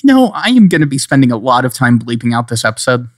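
A man's voice: mid-range voice, very animated, quick pace, no echo. Joking male podcast co-host, dry close mic. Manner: joking, rambling, slips into playful accents. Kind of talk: casual chat.

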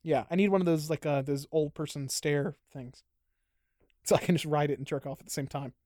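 A man hosting a podcast who rattles along quickly in a rambling, crude, jokey way. His voice sits a little higher than most, and the sound is close and dry with no room around it. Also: a little mellow, no echo. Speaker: podcast host. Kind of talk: casual chat.

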